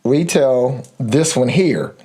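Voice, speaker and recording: A man's voice: mid-range voice, slow, slightly rough. A man in his fifties, a father and podcast co-host, telling a family anecdote in casual chat and acting out the voices in it. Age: 50s. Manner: animated storyteller, acts out voices in his anecdote. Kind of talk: casual storytelling.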